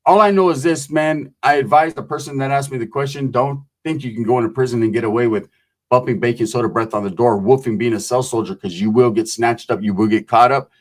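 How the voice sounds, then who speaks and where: A man spins a prison story in rough, profane street slang, dropping into the voices of the people in it. His pitch sits at a medium level for a man. He talks in a casual, storytelling way. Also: quick pace. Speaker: host telling prison stories.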